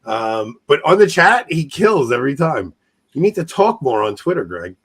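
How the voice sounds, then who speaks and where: A man's voice: a little high, very animated, normal speed, husky. A man hosting a casual trivia show over a video call, joking and laughing between the questions he reads out. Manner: jokey, laughs often, reads questions aloud. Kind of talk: casual quiz-show banter.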